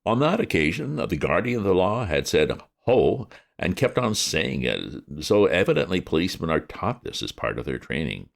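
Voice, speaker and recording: Male audiobook reader; very deep, gravelly voice, lively wry delivery. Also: moderate pace, hardly any pauses. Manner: lively, wry comic storytelling. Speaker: reader of classic fiction. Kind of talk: audiobook narration.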